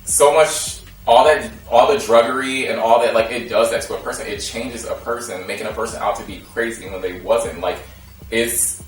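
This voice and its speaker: A man who is a podcast guest, debating in a rapid way with lots of restarts and fillers. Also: mid-range voice, steady tone, slight background noise. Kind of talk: casual debate. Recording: echoey room, mic at a distance.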